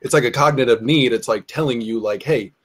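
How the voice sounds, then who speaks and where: A man's voice: mid-range voice, fast talker. A man in casual group talk, explaining hesitantly with many fillers while he hunts for the right words.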